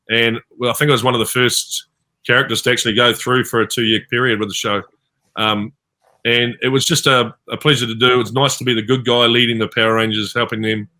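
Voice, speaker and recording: A man with a New Zealand accent and a sharp-toned, medium-pitched voice chats casually on a video-call fan panel as a guest. He tells stories, playing out in character what people said to him.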